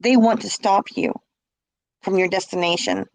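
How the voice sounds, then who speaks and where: A woman's voice: mid-range voice, big pitch swings, moderate pace, no echo, poor audio. A middle-aged woman, telling a personal story with passion and repeating herself. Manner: impassioned, repeats herself, acts out quoted calls. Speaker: interviewee. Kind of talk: emotional personal account.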